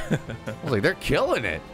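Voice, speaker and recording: A man chatting on a game stream with excited, laughing banter. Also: a little high, normal speed, over music. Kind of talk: casual game stream chat.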